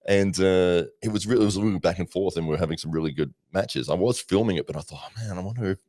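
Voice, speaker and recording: A very deep-voiced man co-hosting a live podcast. He reads out viewer comments and spins chatty anecdotes, laughing easily, on a close, dry mic. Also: fast, a little mellow, no room sound. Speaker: podcast co-host. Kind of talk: casual live-stream chat.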